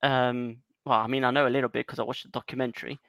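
A man co-hosting a podcast, retelling things in a rambling, animated way with lots of fillers. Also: medium pitch, quick pace, vocal fry, dry recording. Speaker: podcast co-host. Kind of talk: casual chat.

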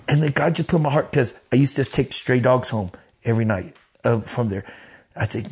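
A man telling stories as an interview guest, animated and profane, acting out the voices of the people he quotes. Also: a little high, fairly quick. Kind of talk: casual storytelling in an interview.

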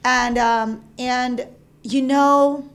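A woman in her thirties telling a personal story in casual chat, animated, acting out the voices of people she quotes. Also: high-pitched, drawn-out words, clean tone. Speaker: interview guest. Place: San Francisco.

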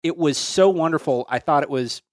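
A fairly high-voiced man reads sale listings on a casual podcast, slowing down to spell handles out one letter at a time. He sits at a close studio mic, and the sound is dry and tight with no room around it. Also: a little mellow, no echo. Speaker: podcast co-host reading listener listings.

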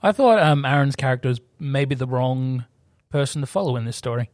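A man at a middling pitch gives his film opinions tentatively, repeating words as he works out his point. The sound is dry and close. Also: brisk, darkish tone, dry recording. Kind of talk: casual film review chat.

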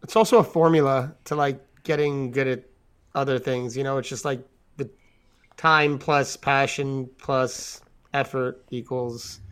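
A man co-hosting a casual interview, chiming in with relaxed, trailing remarks. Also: medium pitch, measured pace, clean tone.

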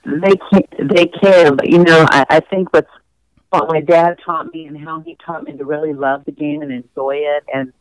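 A woman's voice: sits low, expressive, normal speed, crowd noise. A woman guest telling stories in a chatty, conversational way during an interview, laughing easily. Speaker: interview guest, former golf champion. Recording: tinny phone line.

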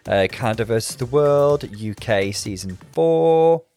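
A man co-hosting a podcast in casual chat, teasing and chatty, quick to laugh. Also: medium pitch, expressive, darkish tone. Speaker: podcast co-host.

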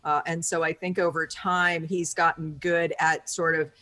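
A woman's voice: deep voice, little pitch movement, normal speed, bright, forceful tone. A woman speaking as an interview guest, explaining thoughtfully in a chatty way, with many fillers and an easy laugh. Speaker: interview guest, personality-type teacher. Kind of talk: conversational interview.

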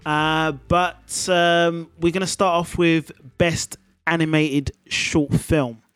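A man's voice: fairly high pitch, flat delivery, takes it slowly, a bit bright, smooth, no echo, faint music behind. Chatty upbeat male podcast host. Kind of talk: casual podcast chat.

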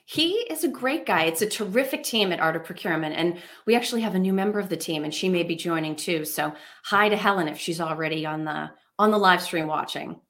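A bubbly woman co-host with a fairly low voice for a woman. She speaks clearly and with enthusiasm, keeping a bright, friendly pace. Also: brisk, few pauses. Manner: bubbly, articulate, laughs readily. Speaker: livestream co-host. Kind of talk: enthusiastic live show commentary.

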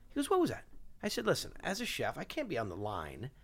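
A man, a chef and TV host, speaking as a guest in an interview and telling stories in a lively way, acting out other people's lines. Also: mid-range voice, fast talker. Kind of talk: animated storytelling.

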